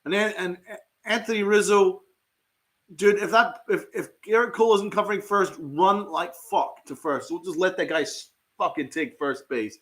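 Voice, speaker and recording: A man with a high-pitched voice rants angrily on a live fan stream. He swears freely, stumbles and restarts his sentences. He sounds like a frustrated fan reacting in real time. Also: moderate pace, a bit bright. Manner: angry profane ranting with restarts.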